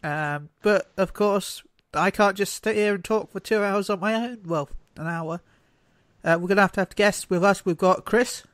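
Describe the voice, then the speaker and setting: A man with a notably high, light voice hosts a laid-back podcast, rambling along and cracking jokes. His sound is close and dry, with no room around it. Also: moderate pace, a bit bright, dry recording. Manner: rambling, joking, loose. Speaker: podcast host. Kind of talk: casual chat.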